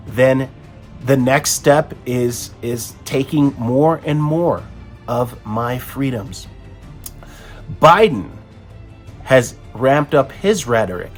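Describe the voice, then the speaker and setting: A man hosting an opinion commentary, talking emphatically with frequent restarts. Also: medium pitch. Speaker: host.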